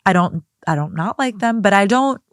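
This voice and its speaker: Young woman guest co-host, rambling, lively pitch swings, dry close mic. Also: no echo. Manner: rambling, self-conscious, quick bursts up and down in pitch. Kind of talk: casual podcast chat.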